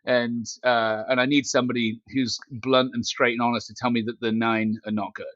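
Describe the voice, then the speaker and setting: A man's voice: medium pitch, fairly quick, dry recording. Joking man on a dull, dry remote line. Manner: joking, animated storytelling with asides. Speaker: podcast guest, company CEO. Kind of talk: casual podcast chat. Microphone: headset mic built into glasses.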